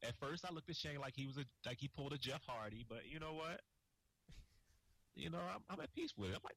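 A man co-hosting a wrestling podcast in casual chat, loud and profane, laughing often. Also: fairly high pitch, very animated, quick pace, creaky, husky, no echo, poor audio. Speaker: podcast co-host.

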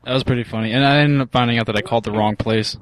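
A man's voice: mid-range voice, steady tone, rapid-fire. A young man hosting a podcast, telling crude rambling stories in casual chat and slipping into silly voices. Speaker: podcast host.

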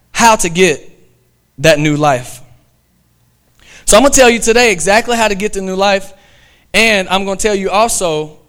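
A man's voice: sits high, a bit bright. A man, a pastor telling a story in his sermon and building to emphatic preaching. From American South.

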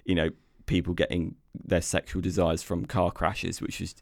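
A British man co-hosts a casual film podcast, reviewing movies in a low, gravelly voice with a flat delivery at a moderate pace. He speaks hesitantly, with many fillers and restarts, but livens up when enthused. The studio-quality recording has no echo.

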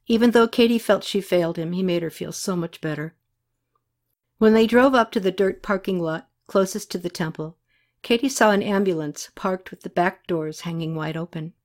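A woman reads a novel aloud, narrating in an even, unhurried way. Her voice sits a little low for a woman.

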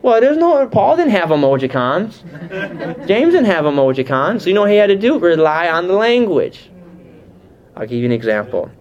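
A man leads a Bible class, slightly higher-pitched than most, with a lively, conversational delivery. He keeps asking his listeners questions. The recording sounds muffled and lo-fi. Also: normal speed. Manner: animated, conversational, asks the room questions. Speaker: pastor teaching a Bible class. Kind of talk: teaching sermon.

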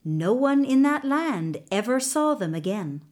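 A woman tells a folktale aloud, pacing her words slowly and deliberately. Her pitch is fairly high and rises and falls expressively across each sentence. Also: very animated, a little mellow. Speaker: storyteller. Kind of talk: folktale storytelling.

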